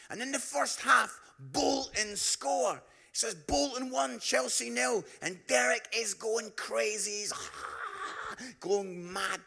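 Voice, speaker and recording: A man's voice: very high-pitched, creaky, sharp tone. A Scottish man preaching a sermon, telling a funny story in a chatty way with frequent asides. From Scotland.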